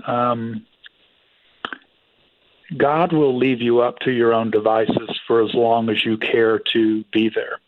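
A man, a psychologist and author, speaks as a radio interview guest in a reflective, confessional, measured way. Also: medium pitch, no room sound. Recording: tinny dry phone line.

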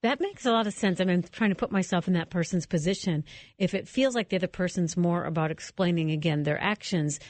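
A woman hosting a radio talk interview, affirming her guest and moving briskly on to the next point. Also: fairly low pitch, darkish tone, no echo. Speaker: radio show host.

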